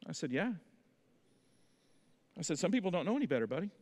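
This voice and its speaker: High-voiced animated male preacher. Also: fast, long reverb tail. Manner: folksy storytelling, animated. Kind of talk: sermon. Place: church sanctuary.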